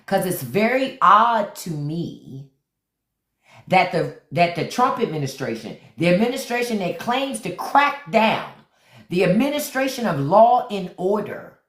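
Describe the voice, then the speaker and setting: A woman's voice: on the low side, fairly bright tone. A woman hosting a livestream, talking bluntly and preachily, repeating lines for emphasis and greeting viewers by name. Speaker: live stream host. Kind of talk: livestream commentary. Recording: echoey room.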